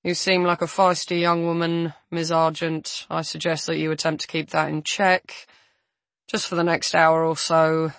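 A woman voicing a tall, thin male duty solicitor who speaks in a flat, cautioning way. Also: low voice, normal speed, long pauses, dry recording.

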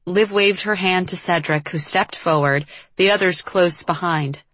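A woman narrating a novel as an audiobook reader in a measured, even storytelling manner. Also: fairly low pitch, dry recording. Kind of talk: scripted narration.

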